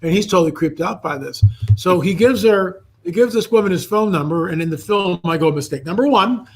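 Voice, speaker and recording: Animated high-voiced older man telling a story. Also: a little fast, slightly rough, low-quality recording. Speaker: guest researcher. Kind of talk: storytelling in a live online interview.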